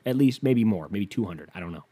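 A man's voice: on the low side, lively intonation, fairly quick, warm tone, husky. A young man telling a story in a casual, rambling way, swearing freely and restarting his sentences often. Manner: rambling, profane, restarts a lot.

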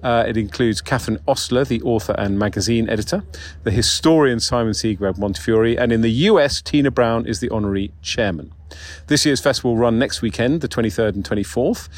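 A man hosting a podcast interview, introducing guests chattily with jokes and quick self-corrections. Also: medium pitch. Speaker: podcast host.

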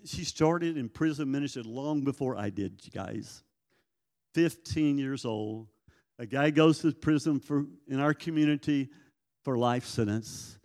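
A man's voice: fairly high pitch, darkish tone. Older man preaching, folksy storyteller, church reverb trailing his words. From Arkansas. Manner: folksy storytelling, acts out voices in quotes. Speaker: prison ministry guest speaker. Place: church sanctuary.

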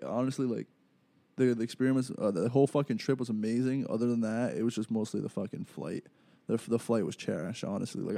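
A young podcast host rambles through a story in loose, profane chat. His voice sits low and gravelly with a dark, mellow tone. The sound is dry and close. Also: no room sound.

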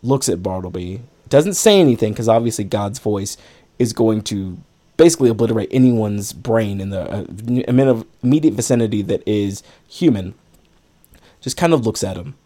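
A man's voice: on the low side, lively intonation, normal speed, dark tone. A man hosting a podcast, casually recapping a film in a rambling way with lots of fillers and frequent laughs. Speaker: podcast host.

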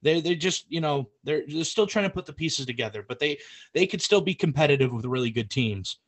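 Guy on a live football podcast, kinda high voice, rambles and gets worked up. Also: fairly quick. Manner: excitable, rambling, laughs easily. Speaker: podcast co-host. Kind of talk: casual sports prediction chat. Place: home setup streamed live.

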